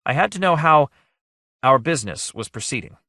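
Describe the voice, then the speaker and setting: A man's voice: a little high, lively intonation, moderate pace, sharp tone, no echo, studio quality, pitched above the performer's own voice. A man reading an audiobook, voicing a refined wealthy woman who talks in an anxious, fluttery way.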